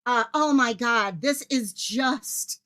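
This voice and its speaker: A woman hosting a live stream from her home office, talking fast and excitedly and jumping between thoughts as she greets chat viewers. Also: fairly high pitch. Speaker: livestream host covering a missing-child case.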